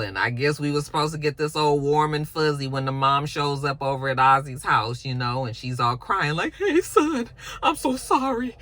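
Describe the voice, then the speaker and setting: A woman's voice: extremely low pitch, a bit bright, dry recording. Sassy woman recapping a TV episode. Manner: sassy, chatty, talks back to the characters. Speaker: TV recap vlogger. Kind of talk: casual show recap.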